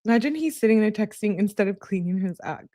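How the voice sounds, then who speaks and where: A woman's voice: mid-range voice, animated, fast, dark tone, no room sound, studio quality. A young woman on a live stream reading text messages aloud, often laughing and breaking off with incredulous asides to her viewers.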